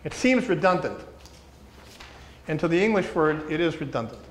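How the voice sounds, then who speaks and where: A man teaching a small group how to read scripture closely, speaking deliberately and repeating key words for emphasis while asking the room questions. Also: a little high, sing-song, slight background noise. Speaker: teacher leading a workshop for pastors. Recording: echoey room with faint ambience.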